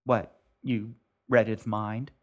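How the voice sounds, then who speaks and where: A man's voice: lowish voice, level tone, takes it slowly, darkish tone. A man voicing a bored, irritable teenage girl with a snappy, sarcastic way of talking.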